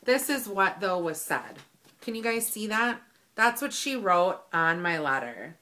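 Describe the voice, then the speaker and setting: Bright-voiced woman ranting on a vlog. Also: medium pitch, unhurried. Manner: animated, exasperated retelling with quoted dialogue. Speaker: vlogger. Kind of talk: casual storytime rant.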